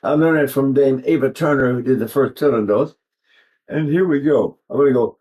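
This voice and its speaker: A man's voice: medium pitch, a little fast, a little mellow. An older man, a voice teacher, giving a rambling lesson on vocal technique that he breaks up with short sung demonstrations.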